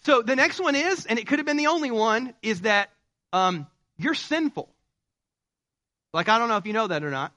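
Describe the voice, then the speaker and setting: A male pastor preaching a sermon in an animated way, acting out quoted spouses. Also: very high voice, normal speed, long pauses, no echo.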